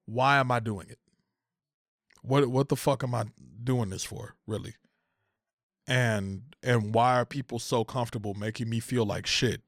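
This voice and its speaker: A young man in an emotional, profane rant about unpaid creative work, repeating phrases and climbing toward shouting. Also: mid-range voice, fairly even intonation, unhurried, gravelly, no room sound, clean studio sound. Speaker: content creator.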